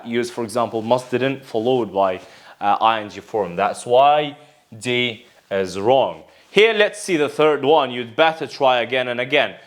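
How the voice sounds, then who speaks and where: A man with a Kurdish accent teaching an English exam lesson, patiently explaining each option and answering his own questions. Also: mid-range voice. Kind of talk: recorded exam-prep lesson.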